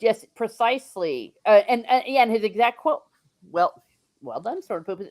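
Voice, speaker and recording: A woman hosts a casual book discussion with a chatty, enthusiastic manner and frequent laughs. Her voice sits at a middle pitch, and the sound is dry and close. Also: expressive, a little mellow, dry recording. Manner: chatty, laughs often, quick asides. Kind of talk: casual chat.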